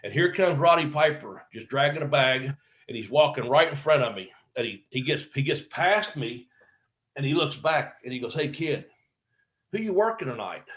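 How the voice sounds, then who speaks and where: A middle-aged man tells wrestling stories in a loose, rambling way. His voice sits at an ordinary middle pitch. He acts out quotes and swears freely. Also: animated, normal speed, a bit bright, dull audio. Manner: rambling anecdotes with acted-out quotes and profanity. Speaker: wrestler telling stories as a podcast guest. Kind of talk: casual storytelling interview.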